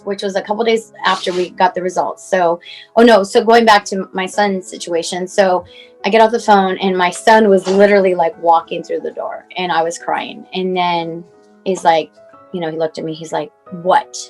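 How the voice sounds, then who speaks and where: A woman's voice: fairly low pitch, fairly even intonation, normal speed, darkish tone, soft background music, rough recording. Woman in her forties, rambling personal account. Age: 40s. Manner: rambling, heavy use of "like" and "you know". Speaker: mother telling her son's story as a guest. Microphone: clip-on mic.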